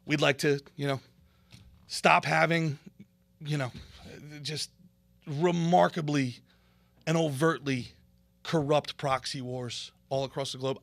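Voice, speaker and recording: Guy hosting a political stream, sarcastic ranty delivery, bright edgy voice, kinda high. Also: measured pace, gravelly, pauses often, no echo. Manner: sarcastic, animated ranting. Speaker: show host.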